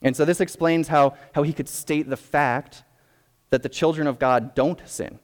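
A young adult man preaching a sermon as a pastor, explaining in a measured way with frequent restarts. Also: fairly high pitch, fairly even intonation. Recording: long reverb of a hall.

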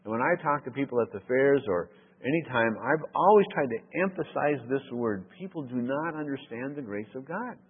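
A man's voice: mid-range voice, expressive, fairly quick, breathy edge. A man preaching an expository sermon in an earnest way, repeating key phrases and answering his own questions. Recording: tinny phone-like radio broadcast in a hall.

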